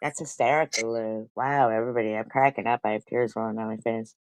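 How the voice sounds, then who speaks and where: A woman's voice: rumbling low, fairly even intonation, fast talker, a little mellow, no echo. A woman streaming live, making crude and mocking comments on a clip she is reacting to. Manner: mocking and crude, repeats jabs.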